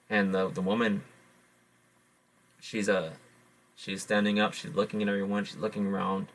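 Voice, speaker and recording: A man telling a traditional animal story, halting often and repeating his words. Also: low voice, steady tone, a bit bright. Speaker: podcast host. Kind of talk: oral storytelling.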